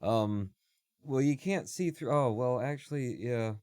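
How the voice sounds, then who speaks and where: A man's voice: medium pitch, measured pace, darkish tone, smooth, dry recording, studio quality. A man live streaming while he codes, chatting casually in a rambling, joking way that keeps breaking off mid-thought. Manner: rambling, joking, self-interrupting.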